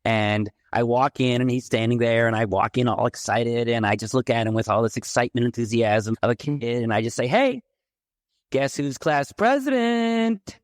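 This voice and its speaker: A middle-aged man from the San Francisco Bay Area, a podcast guest telling his childhood story in a candid, animated way. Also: mid-range voice, fairly quick, hardly any pauses, dry recording, studio quality. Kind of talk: personal storytelling in a podcast interview.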